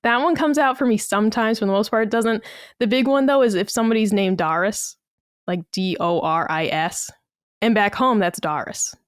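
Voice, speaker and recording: A woman with a Massachusetts accent, talking through stories on a podcast in an easy, chatty way and acting out what others said. Her voice sits at an ordinary middle pitch. The sound is dry, with no room echo. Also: brisk, clean tone. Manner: chatty storytelling, quotes people in lively asides. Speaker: podcast co-host. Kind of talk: casual podcast chat.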